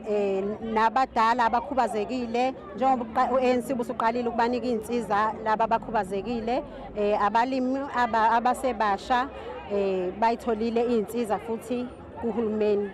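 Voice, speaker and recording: A woman from South Africa at an outdoor rally, quick with many fillers. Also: fairly high pitch, fairly even intonation. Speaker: rally supporter. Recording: busy crowd outdoors.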